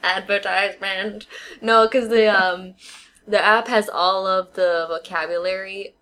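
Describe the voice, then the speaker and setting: A woman's voice: mid-range voice, level tone, a little slow, a bit bright, clean tone. A woman co-hosting a podcast in casual chat, talking with many "like" and "you know" fillers. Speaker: podcast co-host.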